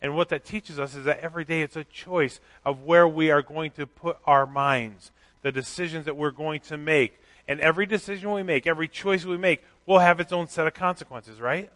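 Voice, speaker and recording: A middle-aged pastor giving a candid, conversational sermon with self-deprecating asides. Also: male voice, fairly high pitch, fairly even intonation, brisk, hardly any pauses, a bit bright.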